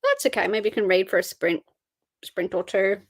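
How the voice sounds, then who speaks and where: A woman's voice: medium pitch, normal speed, breathy edge, no echo. Chatty tired young woman, dry sound. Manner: chatty, reads out and answers chat messages. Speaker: livestream host. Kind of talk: casual live-stream chat.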